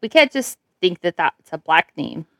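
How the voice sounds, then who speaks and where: A woman's voice: fairly low pitch, animated, normal speed, a bit bright, no room sound. Brash woman, profane casual banter, dry close sound.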